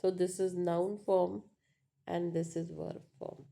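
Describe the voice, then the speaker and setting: A woman's voice: lowish voice, level tone, slow, vocal fry, dark tone. A woman, teaching pronunciation patiently and checking in with "right?" often. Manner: patient, repeats points with frequent "right?" and "uh". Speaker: English teacher. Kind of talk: slow classroom-style explanation.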